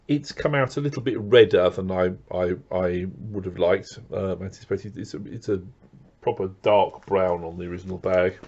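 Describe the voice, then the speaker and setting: A man's voice: fairly low pitch, a little mellow, dull audio. A man chatting casually as he unboxes record purchases, rambling with lots of fillers and restarts. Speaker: record collector vlogger.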